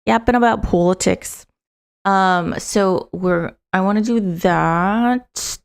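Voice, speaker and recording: A woman's voice: mid-range voice, takes it slowly, creaky, clean tone. A young woman hosting her own political live stream, chatting loosely with lots of fillers and casual swearing.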